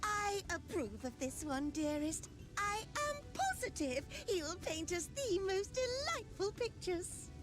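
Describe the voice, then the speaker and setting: An actress voicing a pampered, doting noble lady in a video game, speaking with high, tremulous, drawn-out gushing. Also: very animated, music in the background, heavily acted. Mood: pleased.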